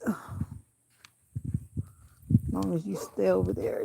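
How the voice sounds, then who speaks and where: A woman with a gravelly, creaky voice talks casually into a handheld phone as she walks her dog outdoors along a country road. She keeps up a chatty commentary and snaps out firm, sharp commands to the dog, with a faint hiss of noise behind her. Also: mid-range voice, fairly even intonation, takes it slowly, long pauses. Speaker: vlogger. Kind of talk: casual walking vlog commentary.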